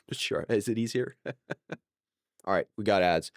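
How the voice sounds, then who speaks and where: Low male voice, casual live-stream chat, rambling, self-correcting, dry sound. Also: normal speed, dry recording.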